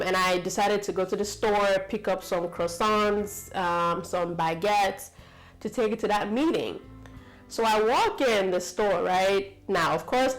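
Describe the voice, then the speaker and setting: A woman's voice: mid-range voice, low-quality recording. A woman from the United States telling a story to camera in a chatty, rambling way, full of fillers and asides. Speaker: vlogger.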